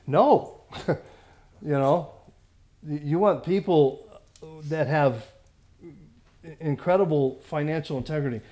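A man teaching a Bible study as a pastor, halting with many fillers and restarts, stressing points emphatically. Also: a little high, mellow.

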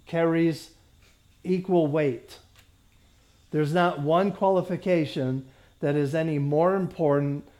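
A male Bible study teacher works slowly through scripture, fumbling his words, repeating himself and regularly clearing his throat. His voice leans high and has a mellow quality.

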